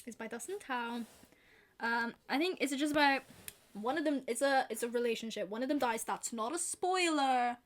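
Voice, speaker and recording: A British woman talks to camera in a loose, rambling flow, often poking fun at herself. Her voice sits a little higher than most women's. She sounds casual and unscripted. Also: moderate pace. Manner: chatty, rambling, self-deprecating. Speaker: book vlogger.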